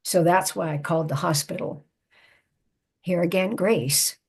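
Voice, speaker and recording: With a husky, fairly low voice, an older psychotherapist and author reflects at a measured pace while sharing a story from her own family.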